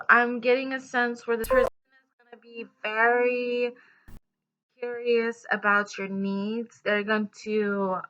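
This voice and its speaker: A woman talks through a tarot love reading in a loose, rambling way, full of fillers and restarts. Her voice is bright and forward, and the recording sounds slightly muffled and lo-fi. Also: on the high side. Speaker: tarot reader. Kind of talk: casual tarot reading to camera.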